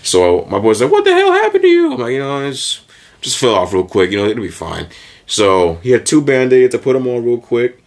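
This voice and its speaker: A young man co-hosting a podcast in casual banter, clowning around, loud and animated, swearing freely. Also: mid-range voice, moderate pace, gravelly. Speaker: podcast co-host.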